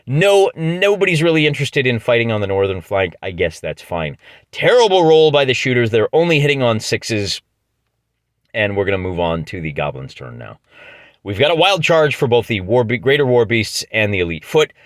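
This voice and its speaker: A middle-aged man with a Midwestern American accent talks his way through a solo tabletop battle in a mid-range, very animated voice at a moderate pace. He jokes, chats, and often restarts mid-phrase, with no room sound in the recording.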